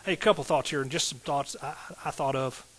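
A man's voice: mid-range voice, brisk, husky, poor audio. A middle-aged man, a pastor preaching a sermon in an emphatic call-and-response style with rising outbursts.

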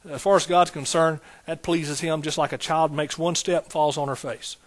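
A man preaching from the pulpit, his voice sitting a touch high for a man. He drives his points home with repeated phrases and slips into homey, conversational asides between them. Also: fairly even intonation, normal speed. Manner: repetitive preaching cadence, folksy asides. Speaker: pastor. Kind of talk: sermon.

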